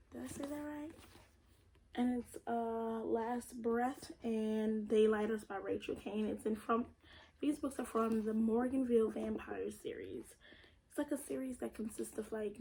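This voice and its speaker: A woman's voice: fairly high pitch, gravelly, warm tone, slight background noise, low-quality recording. A young woman vlogger chatting casually and bluntly about her books, with the odd swear word. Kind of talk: casual book haul vlog.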